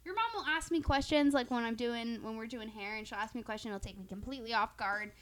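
High-voiced woman, profane storyteller. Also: fast talker, fairly bright tone. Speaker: podcast co-host. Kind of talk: casual chat.

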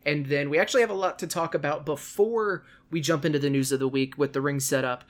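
A man with a fairly high voice talks fast while hosting a casual podcast, chatting animatedly, laughing often, and acting out quotes.

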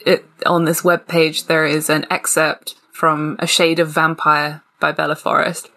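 A woman's voice: deep voice, level tone, unhurried, sharp tone. Brief: British woman, casual podcast co-host, giggly, trailing half-sentences. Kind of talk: casual chat.

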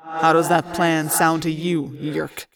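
A fan reader voicing a cold, threatening alien war prince in an audiobook reading, talking low and clipped. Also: level tone, takes it slowly, vocal fry, music in the background. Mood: menacing.

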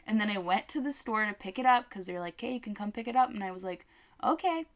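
A woman's voice: medium pitch, fast. A woman co-hosting a casual chat, telling a story with lots of swearing and acted-out quotes. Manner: animated storyteller, swears freely, acts out quotes. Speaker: co-host.

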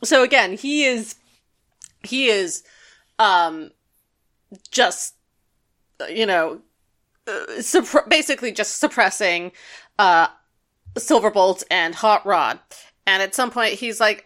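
A woman jokes her way through an episode recap as a podcast co-host, with plenty of fillers. Her voice is somewhat high and notably bright. She keeps the chat casual and teasing. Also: very animated, slow, long pauses. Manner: playful and joking, with many fillers.

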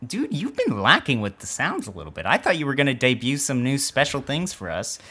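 A man's voice: medium pitch, huge pitch swings, fairly quick, sharp tone. A young man co-hosting a casual podcast, teasing and self-deprecating as he runs a game. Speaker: podcast co-host.

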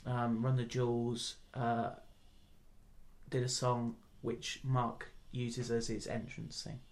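Rambling, sweary British podcast co-host. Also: male voice, mid-range voice, completely flat delivery, takes it slowly, darkish tone. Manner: rambling, hesitant with many ums, wry and sweary. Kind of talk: casual chat.

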